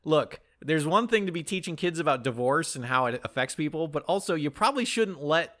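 Animated man recapping a movie. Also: a little high, fairly quick. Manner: animated storytelling with joking asides. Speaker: podcast co-host recapping a film. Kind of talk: casual comedic chat.

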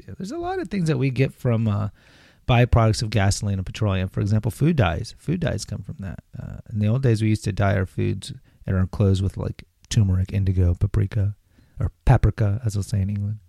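A man's voice: fairly low pitch, creaky, dark tone, no room sound, clean studio sound. A man hosting a podcast, reading material aloud and breaking off into rambling, sarcastic asides. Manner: rambling, sarcastic asides, reads then riffs. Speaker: podcast host. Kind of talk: casual commentary on health topics.

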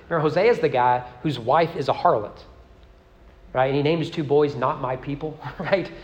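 A man's voice: mid-range voice, darkish tone, big-room sound, dull audio. A man teaching a church Bible study in a conversational way, often asking "right?" and reading scripture aloud with emphasis. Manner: conversational, repeats words and tags lines with "right?".

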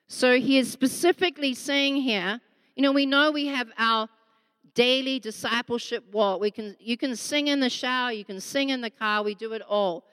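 A woman preaching a sermon, impassioned and emphatic, slowing down to stress key words. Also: on the high side, a bit bright, clear, resonant tone. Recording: long reverb of a large hall.

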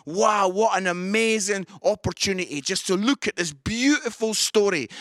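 Scottish guy mid-age, bouncy high voice, jokey sermon, bright and dry sounding. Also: no room sound. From Scotland. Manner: animated, breaks into loud exclaiming. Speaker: comedian and preacher. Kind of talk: comic sermon with storytelling. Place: at home.

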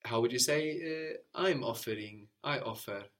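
A man's voice: mid-range voice, normal speed, fairly bright tone. A man teaching a language lesson, patiently prompting his student and repeating each answer.

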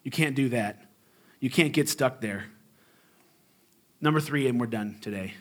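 A man's voice: medium pitch, normal speed. A male pastor preaching a sermon in a conversational, humorous and emphatic way.

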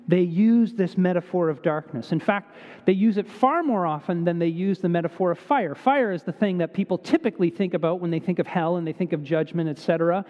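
A man with a strikingly high voice preaches a sermon, telling the story vividly and repeating words for emphasis. His voice rings out with a long hall echo, and the recording sounds dull and muffled. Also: a little mellow.

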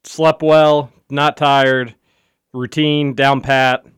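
A man's voice: mid-range voice, little pitch movement, extremely slow, smooth, dry recording. A man co-hosting a morning sports radio show, chatting casually and joking in a rambling way. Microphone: studio microphone.

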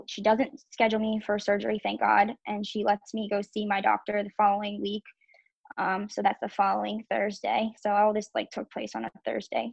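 A woman's voice: mid-range voice, creaky, no echo. A young woman telling her own story as a podcast guest, candid and casual, with many "um"s and "like"s. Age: young adult. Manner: candid, filler-heavy with frequent "um" and "like". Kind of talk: personal storytelling. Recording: dull, slightly lo-fi audio.

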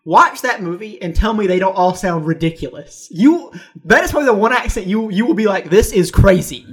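Young guy, high voice, animated laughing rants, casual podcast chat. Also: brisk, breathy edge. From US South. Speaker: podcast co-host.

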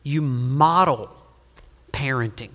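A middle-aged man preaching a sermon as a pastor, lively and humorous, swinging between loud emphasis and quiet asides. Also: medium pitch, slow. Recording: long hall reverb.

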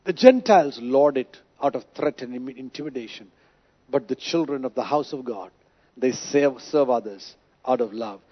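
A man's voice: medium pitch, animated, moderate pace, muffled recording. A man preaching a sermon with emphasis, asking the congregation rhetorical questions. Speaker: pastor.

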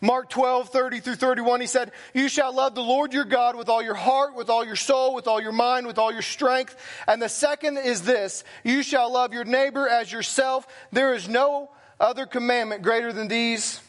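A man's voice: extremely high pitch, fairly even intonation, normal speed. A man preaching a sermon as pastor, talking plainly and conversationally with self-deprecating asides. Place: church sanctuary.

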